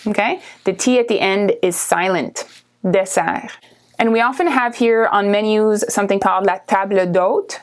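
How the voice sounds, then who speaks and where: A woman from Canada, teaching vocabulary and repeating each word clearly with a frequent "okay?". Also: medium pitch. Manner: slow, clear repetition, checking in with "okay?". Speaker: French teacher. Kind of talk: vocabulary lesson.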